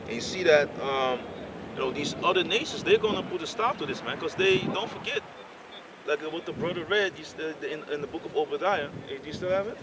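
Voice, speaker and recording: A man in a casual group discussion who speaks haltingly with many fillers and builds into heated rhetorical questions. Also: on the high side. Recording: distant mic, clear outdoor noise.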